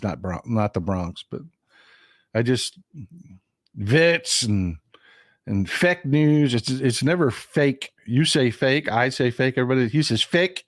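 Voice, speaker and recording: Indignant man with lively pitch. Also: no echo, clean studio sound. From Texas. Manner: animated, indignant, repeats phrases for emphasis. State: getting over a cold. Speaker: political commentary host. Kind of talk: livestream political commentary. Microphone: desk mic at a computer for a livestream.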